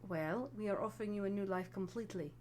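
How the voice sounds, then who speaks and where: A woman running a tabletop role-playing game as game master, explaining at length in an animated way. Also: mid-range voice, quick pace, a little hiss or hum.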